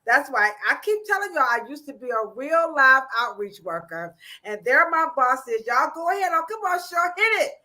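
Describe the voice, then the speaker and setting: A woman hosting a casual livestream chat, animated and playful, laughing often. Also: high voice, normal speed. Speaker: host.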